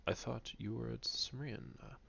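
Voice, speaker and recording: A man voicing a grinning, fawning neighbor tailor in a read-aloud novel, loud and chummy. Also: mid-range voice, fairly even intonation, unhurried, vocal fry, breathy edge, highs cut off, pitched above the performer's own voice, heavily acted.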